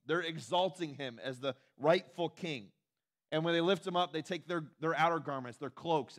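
A man's voice: fairly high pitch, a bit bright. A man preaching a sermon in a conversational way, with asides to the congregation and acted-out quotes. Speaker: pastor.

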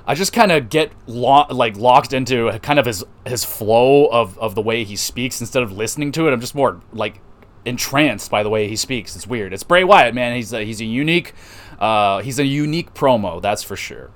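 A man hosting a podcast, recapping wrestling matches in a loose, excitable way, swearing and laughing often. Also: mid-range voice, moderate pace. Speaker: podcast host reviewing wrestling. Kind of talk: casual recap.

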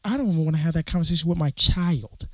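A young man talking on a casual podcast, telling stories with a lot of swearing, acting out what people said and breaking into sudden loud outbursts. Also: fairly high pitch, a little fast, no room sound. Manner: animated, profane storytelling with acted-out quotes and sudden loud outbursts. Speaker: podcast co-host.

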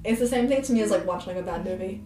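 A young woman in casual podcast chat, giggly and animated as she retells a story. Her voice has a mid pitch for a woman. The room is echoey, with music playing behind her. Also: rapid-fire. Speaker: podcast co-host.

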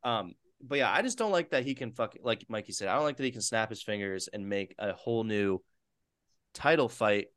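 A man hosting a casual podcast chat, swearing freely and swinging between loud bursts and mumbled asides. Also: on the low side, brisk, no echo, studio quality. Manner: profane, excitable, swings loud and soft. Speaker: podcast host.

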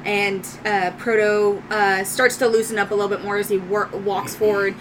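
A woman's voice: mid-range voice, flat delivery, moderate pace, noisy background. A woman game master narrating a tabletop game in a loose, descriptive way with many fillers.

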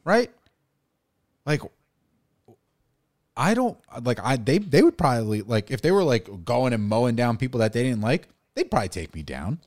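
A man's voice: medium pitch, sing-song, moderate pace, long pauses, a little mellow. A young man co-hosting a podcast, talking in a casual, emphatic way, swearing often and saying "dude" and "right?" again and again. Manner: emphatic, profane, says "dude" and "right?" constantly. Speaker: podcast co-host. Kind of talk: casual chat.

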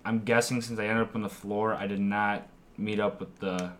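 A man's voice: on the low side, fairly even intonation, a bit bright, slight background noise. Hungover young man rambling with fillers. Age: young adult. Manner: rambling, halting with many fillers. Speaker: podcast host. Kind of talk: casual chat.

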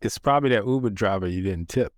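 A man's voice: on the low side, fast talker, no room sound, studio quality. A man co-hosting a podcast, chatting casually with wry, teasing remarks. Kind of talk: casual chat.

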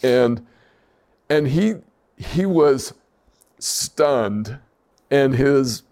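A man's voice: medium pitch, animated, very slow, darkish tone. Brief: middle-aged man, ex-coach, rambling self-mocking podcast storyteller. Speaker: podcast co-host, former high school coach. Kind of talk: casual storytelling chat.

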